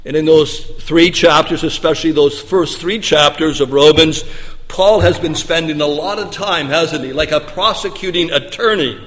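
A man preaching a sermon with emphatic delivery, swinging between loud bursts and soft, low stretches. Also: moderate pace. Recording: long reverb of a large hall.

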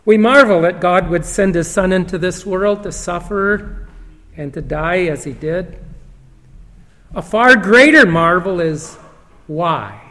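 A man preaching a sermon, reading scripture slowly and emphatically, with long pauses. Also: high voice, a bit bright. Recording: long hall reverb.

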